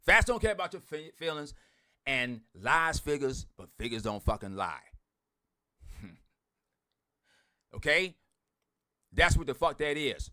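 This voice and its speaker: A man ranting bluntly to his online group, swearing a lot, repeating himself and swinging from loud outbursts to muttering. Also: fairly high pitch, animated, measured pace, pauses often. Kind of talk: heated profane rant to followers.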